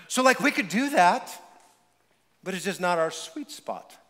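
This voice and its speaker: A man preaching a sermon as pastor, energetic and repetitive with stammered restarts. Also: high-pitched, a little slow, in a large hall. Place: church sanctuary.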